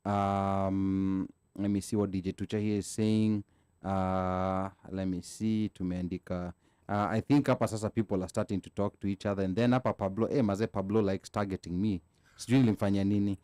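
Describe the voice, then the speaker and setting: A man's voice: deep voice, flat delivery, moderate pace, mellow, smooth. A man from Kenya with a Nairobi accent, chatting casually on a panel show and reading out viewer comments, laughing often and restarting his sentences. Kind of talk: casual panel chat mixing English and Swahili.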